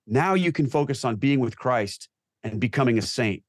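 A man's voice: mid-range voice, expressive, normal speed, dry recording, studio quality. A man, a guest on a talk show, speaking earnestly and emphatically about his faith. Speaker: guest, Catholic convert.

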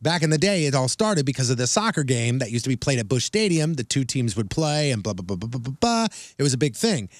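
A man with a St. chats on a radio show and tells stories with energy, throwing himself into every quote. His voice is medium in pitch. It sits close on a dry studio mic with no room sound. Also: quick pace, few pauses, no echo. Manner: animated storyteller, acts out quotes. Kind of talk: casual banter.

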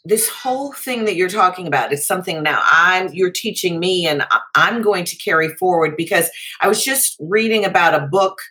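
Podcast host, woman, bright forceful voice, deliberate and emphatic. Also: fairly low pitch, expressive. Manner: slow, emphatic, repeats words. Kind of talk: casual conversation.

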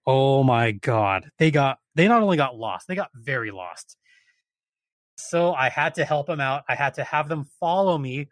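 Man, animated storyteller, slightly high voice, dry close sound. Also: no echo. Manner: animated, exasperated retelling. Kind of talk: casual storytelling chat.

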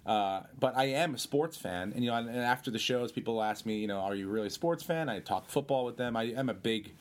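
A male comedian telling rambling, animated anecdotes in a casual interview. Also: medium pitch, fast talker. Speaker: comedian guest.

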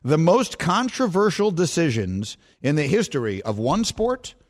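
A man's voice: a little high, big pitch swings, normal speed. A man hosting a sports talk radio show, teasing and incredulous as he banters with his co-hosts.

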